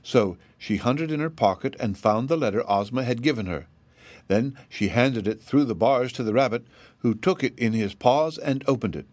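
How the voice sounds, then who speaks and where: A man narrating a children's storybook in a steady, measured reading. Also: mid-range voice, dry recording.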